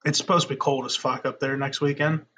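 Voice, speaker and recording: A man's voice: medium pitch, level tone, fast, bright, forceful tone. A man chiming in casually during a chat with laid-back, profane remarks.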